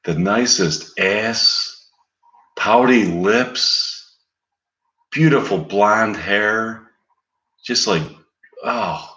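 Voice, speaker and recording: A man playing a smooth-talking older male stage mentalist, drawing each phrase out slowly and coaxingly. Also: on the low side, sharp tone, echoey room, heavily acted. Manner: slow, drawn-out coaxing delivery.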